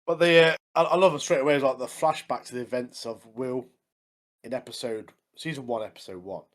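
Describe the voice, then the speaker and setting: A man's voice: mid-range voice, brisk. A young man co-hosting a podcast, chatting casually, agreeing and laughing easily, repeating "obviously" and "mate.". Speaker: podcast co-host. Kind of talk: casual chat.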